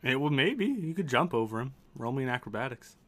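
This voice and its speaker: A man's voice: mid-range voice, sing-song, fairly quick, a bit bright. A man narrating a tabletop game as game master, loose and laughing, with casual swearing.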